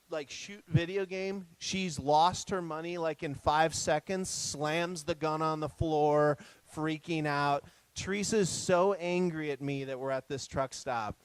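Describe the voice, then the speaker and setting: A man giving a guest talk, a lively storyteller recounting family mishaps with humor. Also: on the high side, clear, resonant tone, no room sound, rough recording. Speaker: guest speaker. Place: retreat center talk.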